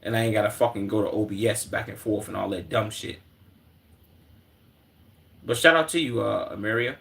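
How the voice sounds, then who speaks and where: A man's voice: fairly low pitch, normal speed, vocal fry, fairly bright tone. A young man from Chicago streaming, chatting casually in a laid-back, slangy, profane way at a desk microphone.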